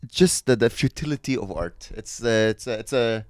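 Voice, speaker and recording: A man's voice: mid-range voice, expressive, moderate pace, no echo, studio quality. A man, a comedian hosting a podcast, chatting casually and reflectively, often restarting as he searches for words. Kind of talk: casual chat. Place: podcast studio.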